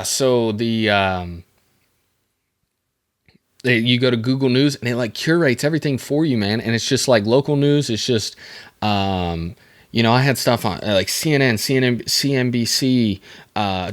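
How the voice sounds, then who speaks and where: A man's voice: fairly low pitch, unhurried, clean tone. A young man hosting a solo podcast, rambling and joking at his own expense, full of fillers and restarts. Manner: rambling, self-mocking, lots of fillers. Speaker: podcast host. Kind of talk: casual solo podcast monologue. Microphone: desk microphone.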